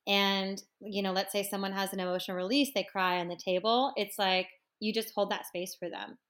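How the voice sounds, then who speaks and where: A woman's voice: medium pitch, a little fast. A woman in her thirties, a massage and yoga therapist, chatting casually on a podcast and acting out her clients as she tells stories. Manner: animated storyteller, acts out clients' voices.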